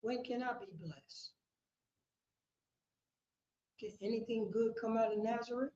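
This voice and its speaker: Woman teacher, high voice, impassioned preaching, shouting then quiet, echoey muffled room. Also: steady tone, a little slow. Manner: impassioned, rising to shouts, then dropping low. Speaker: teacher of a scripture class. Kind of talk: preaching lesson with call and response. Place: classroom at a group's headquarters. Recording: roomy, muffled room recording.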